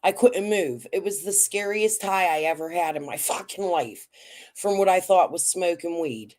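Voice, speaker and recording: Her voice sits on the low side with a darkish tone, moving at normal speed. As host of a casual livestream, she addresses chat head-on, blunt and freely profane.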